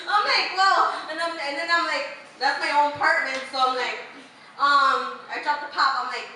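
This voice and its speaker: A woman's voice: sits high, very animated, normal speed. Giggly young woman doing rambling stand-up. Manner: rambling, giggly, profane, lots of "like". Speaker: open mic comedian. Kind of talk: improvised stand-up comedy. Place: small open mic venue. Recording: echoey room, distant mic, faint noise.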